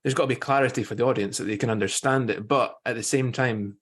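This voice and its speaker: A man's voice: medium pitch, quick pace, fairly bright tone. A man hosting a podcast, musing thoughtfully in casual conversation. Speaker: podcast host.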